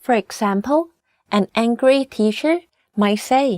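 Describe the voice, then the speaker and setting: A native Thai-speaking woman teaching a scripted language lesson, explaining clearly and carefully with example words. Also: medium pitch, normal speed, darkish tone, no room sound, studio quality.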